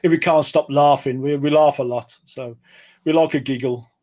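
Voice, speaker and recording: A man's voice: on the high side, steady tone, normal speed, darkish tone. Easygoing Midlands man co-host. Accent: West Midlands English. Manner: easygoing, agrees a lot, laughs often. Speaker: podcast co-host. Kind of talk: casual podcast chat.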